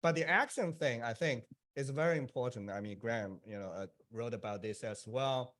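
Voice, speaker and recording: A man speaking as an author on a panel, telling lively anecdotes to an audience and laughing at his own jokes. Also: mid-range voice, moderate pace. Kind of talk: panel discussion. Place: public event, speaking to an audience.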